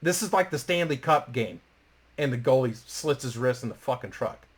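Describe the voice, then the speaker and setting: Speaking at normal speed in a medium-pitched voice, a man animatedly tells a casual story, cursing freely and performing other people's lines.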